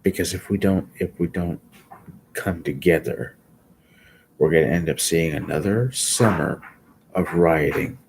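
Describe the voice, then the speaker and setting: A very deep-voiced man, talking slowly in a live stream. He sounds sleepy and halting and repeats his words as he goes. There is a faint hum of noise behind him. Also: creaky, darkish tone, rough recording. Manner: slow, halting, repeats himself. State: sleepy, yawning. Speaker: livestream commentator. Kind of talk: live commentary.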